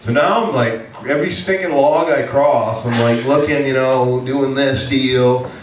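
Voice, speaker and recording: A man from Maine preaching a sermon as pastor, telling a hunting story in an animated way and breaking into loud exasperated shouts. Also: mid-range voice, unhurried. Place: church sanctuary. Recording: echoey church hall, from a distance, faint noise.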